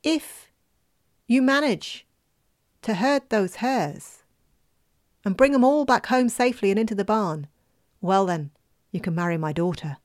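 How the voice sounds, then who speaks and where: A woman voicing a gruff old king in a storybook tale, speaking in a blunt, threatening way. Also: mid-range voice, measured pace, pauses often, a little mellow, dry recording, studio quality, close to an everyday voice. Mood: stern.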